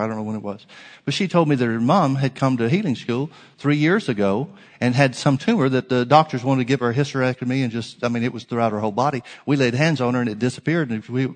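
A man preaching a sermon as pastor, emphatic, swinging from loud declarations to hushed lines. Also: medium pitch, big-room sound.

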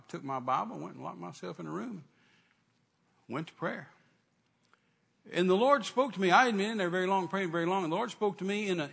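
A man's voice: fairly high pitch, gravelly, a bit bright, husky. A man preaching a sermon, retelling a conversation and acting out the dialogue. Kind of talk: sermon storytelling.

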